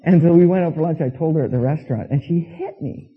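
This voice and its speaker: A man's voice: high voice, lively intonation, fairly quick, hardly any pauses. A man preaching a sermon as pastor, telling stories and acting out quoted voices with emphasis. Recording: tinny phone-like sound with long reverb.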